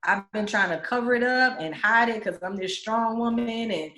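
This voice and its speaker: A woman's voice: a little high, moderate pace. Candid storytelling woman in echoey room. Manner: candid, animated, acts out other people's voices. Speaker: guest telling her story. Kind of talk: personal storytelling interview. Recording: roomy echo.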